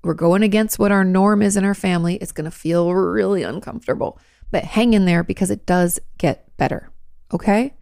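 A woman's voice: medium pitch, fairly quick, vocal fry, darkish tone, dry recording, clean studio sound. A woman therapist giving direct, reassuring advice in answer to viewers' questions. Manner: direct and reassuring, coaching the listener.

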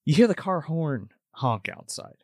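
A man with a fairly high voice tells a movie's story in loose, profane podcast chat. He acts out the lines as he goes. The sound is dry and close. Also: unhurried, dry recording. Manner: profane, animated retelling with quoted dialogue. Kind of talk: casual movie recap chat.

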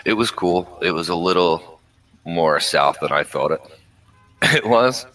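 Very deep-voiced Philly man chatting. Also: expressive, measured pace, pushed and bright, rough recording. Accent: Philadelphia. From Philadelphia. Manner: laid-back, laughs often, repeats words. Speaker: podcast guest. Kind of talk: casual chat.

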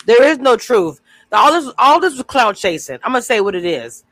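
A woman's voice: on the high side, very animated, moderate pace, a bit bright, no room sound, low-quality recording. Woman panelist, blunt and emphatic, dry close sound, casual chat. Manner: emphatic, blunt, agreeing often. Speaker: review panelist.

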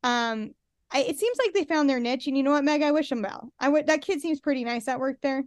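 High chatty woman recapping tv, sarcastic, super dry close sound. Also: a little fast, no room sound. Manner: chatty, sarcastic, acts out quotes. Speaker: podcast co-host. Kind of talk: casual chat recapping a reality show.

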